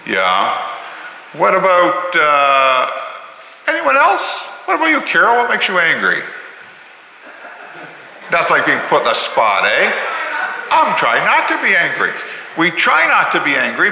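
A man, a pastor with a Canadian Maritime accent, giving an all-ages talk and gently questioning the congregation. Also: fairly high pitch. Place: large church sanctuary. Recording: echoey church hall, faint room noise.

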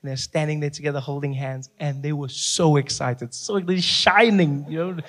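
A male stand-up comedian telling a story in an animated way and acting out the people in it. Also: on the high side, moderate pace. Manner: animated, acts out characters.

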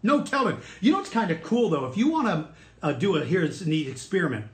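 A man's voice: high-pitched, big pitch swings, quick pace. A man giving an online lesson for children, talking to them directly with enthusiasm. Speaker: dinosaur educator. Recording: roomy echo.

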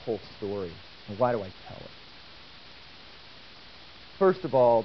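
A man giving a lecture and telling a story, talking in an animated way and asking the audience questions. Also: medium pitch. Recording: dull old tape with faint hiss.

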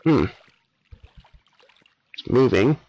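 A man's voice: medium pitch, lively intonation, very slow, a little mellow, no echo, rough recording. A young man casually commenting on a game he is playing, offhand and sarcastic with mumbled asides. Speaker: let's play host.

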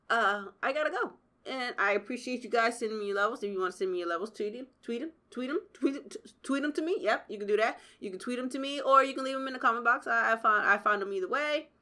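Woman gamer, let's play commentary, cursing and yelling at the game, higher voice, bright and sharp. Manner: profane, excitable, yells at the game. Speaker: gaming YouTuber.

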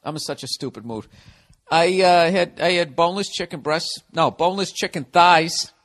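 Male podcast host, 40s, high-pitched, profane and rambling in a casual solo monologue. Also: normal speed, fairly bright tone. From United States.

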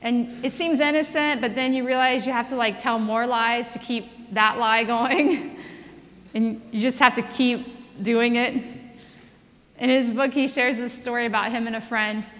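A woman giving a conversational sermon, telling a story in a lively way and laughing along as she goes. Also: a little high, a little slow, big-room sound. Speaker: speaker.

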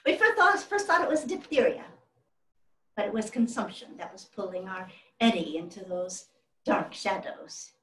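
Her mid-range voice is animated, bright and forceful at a moderate pace, yet the mood is sorrowful. As an actress portraying a historical first lady, a genteel 1800s widow, she tells family tales in a fond, chatty, exclamatory way, her voice rising and falling freely, in a live one-woman reenactment. She's on stage before an audience, heard through a distant mic in a roomy hall.

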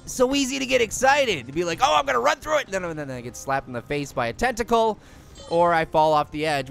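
A man voicing a cocky, hyper talking pear who brags about his gaming skills while playing a video game, slangy and prone to high squealing screams. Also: creaky, a bit bright, exaggerated voice. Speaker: game commentator. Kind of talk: let's-play cartoon commentary.

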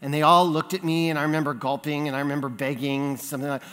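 A man preaching a sermon, telling a childhood story in an animated way and acting out the voices in it. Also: fairly high pitch, fast talker, few pauses. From California. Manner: animated storyteller, acts out voices in his anecdotes. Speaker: pastor. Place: church sanctuary. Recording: long reverb of a church sanctuary.

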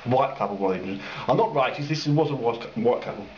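In a roomy, dull lo-fi clip with faint ambience and slight hiss or hum, a man on a bike rambles furiously to camera about drivers wanting directions. He's animated and fairly quick, medium in pitch, cursing and mocking them with put-on voices.

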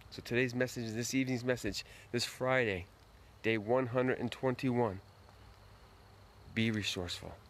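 A man's voice: mid-range voice, a little slow, pauses often, a little hiss or hum. A man hosting a late-night live stream outdoors, greeting viewers by name and giving a folksy, earnest motivational talk.

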